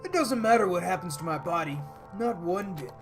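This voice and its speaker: A man voicing a boastful, hearty robot who used to be a team manager, loud and laughing. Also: high-pitched, expressive, a little fast, music in the background. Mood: jovial.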